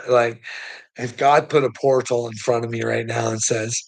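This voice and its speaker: Gravelly, husky man in a profane rant. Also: mid-range voice, fairly even intonation, measured pace. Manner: profane, swears constantly; stammers and restarts. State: weary. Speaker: vlogger. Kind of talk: ranting monologue to the camera.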